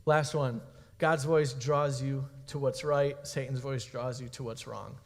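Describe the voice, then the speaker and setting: A man's voice: mid-range voice, fairly even intonation, a little slow, gravelly. A young man preaching a youth sermon in a casual, conversational way, checking in with his listeners often. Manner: casual, conversational preaching with frequent "okay?" and "guys". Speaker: youth pastor. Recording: long reverb of a hall.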